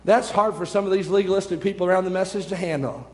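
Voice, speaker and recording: Brief: male preacher, very high voice, fervent sermon delivery full of repetition, long church-hall reverb. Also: steady tone, fast talker. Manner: fervent, rhetorical questions and repetition.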